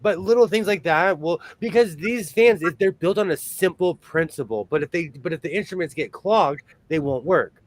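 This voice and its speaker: Chatty man with a higher voice. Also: normal speed, hardly any pauses, no room sound. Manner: chatty, animated, laughs often. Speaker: host of a sewing livestream. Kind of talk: casual livestream chat.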